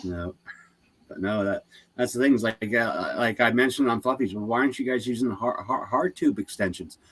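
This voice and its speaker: A Canadian man hosts a live stream, rambling casually about car repairs, restarting his sentences often and laughing a lot. His mid-range voice is brisk, fairly bright, and slightly rough.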